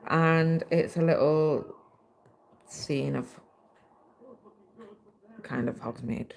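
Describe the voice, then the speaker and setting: British woman, low voice, gravelly fry, chatty livestream host reading comments aloud. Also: very slow, darkish tone, slight background noise. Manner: chatty, reads viewer comments aloud and answers them. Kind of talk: casual livestream chat while stitching.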